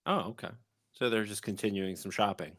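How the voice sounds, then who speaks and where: A man's voice: lowish voice, a little fast, fairly bright tone, dry recording. A man co-hosting a casual podcast chat, dropping dry jokes and asides. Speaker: podcast co-host.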